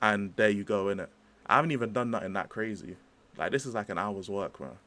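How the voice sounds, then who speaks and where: A young man hosts a livestream and rants about football in a chatty, slangy, rambling style. His voice is lowish, brisk and fairly bright.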